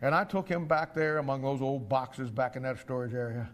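An older man preaching a sermon, swinging from quiet storytelling to loud shouted climaxes. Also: a little fast. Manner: rises to shouting climaxes, drops low for storytelling.

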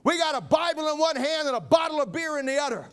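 A man's voice: very high voice, expressive, quick pace. A man preaching a sermon, retelling a Bible story in a dramatic, folksy way.

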